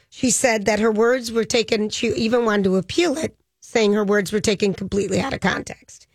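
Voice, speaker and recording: A woman's voice: mid-range voice, steady tone, fairly quick, no room sound. A woman co-hosting a casual chat, retelling a news story in a loose way with frequent ums and a dismissive "blah, blah.".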